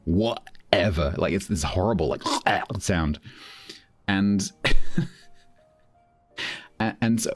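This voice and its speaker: A middle-aged man with a London accent and a deep, low voice talks casually to his stream chat. He explains at length, often restarting his sentences. Faint music plays quietly behind him. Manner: chatty, explanatory, many restarts.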